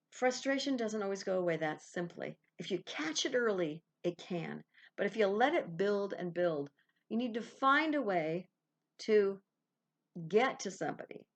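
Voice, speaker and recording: A woman's voice: medium pitch, animated, moderate pace. A woman hosting a spiritual self-help podcast, talking casually and with animation, laughing and acting out small quoted exchanges. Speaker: podcast host.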